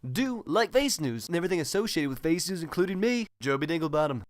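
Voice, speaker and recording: A man plays a vain spoof-news anchor who loves the sound of himself. His voice sits quite high for a man, and his patter is cheesy and boastful. It sounds like a comedy sketch. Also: animated, fast talker, natural voice. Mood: smug. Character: smug, self-obsessed male spoof-news host. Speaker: host.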